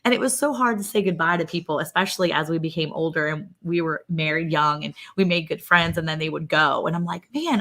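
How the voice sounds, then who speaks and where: Woman in her 40s, deep voice, rambling earnest storyteller, casual chat show. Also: a bit bright. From Maryland, USA. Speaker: co-host.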